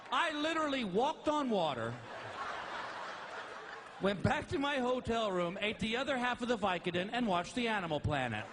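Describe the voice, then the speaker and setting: A man doing stand-up comedy, telling animated stories with exasperated outbursts. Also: high voice, normal speed, background noise.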